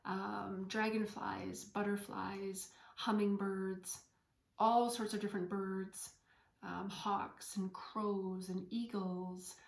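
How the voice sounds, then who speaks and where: A woman talks gently in a spiritual podcast monologue and at times sinks into a soft whisper. Her voice sits in a middle pitch. The room around her sounds roomy, with an audible echo. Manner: gentle, storytelling, drops to whispers. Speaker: podcast host and medium.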